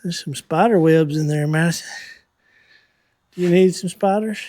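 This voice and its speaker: A man with a fairly high voice talks casually to his viewers from his car shop. He rambles in a folksy, easygoing way, thinking out loud as he works on an engine. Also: normal speed. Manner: chatty, folksy, thinks out loud while working. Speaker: host of a car-building channel.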